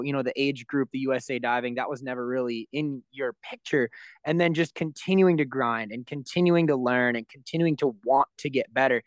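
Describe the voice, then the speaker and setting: Man with a slightly high voice asking questions. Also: clean tone, no room sound. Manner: thoughtful, asks rambling questions. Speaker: podcast co-host. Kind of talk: podcast interview.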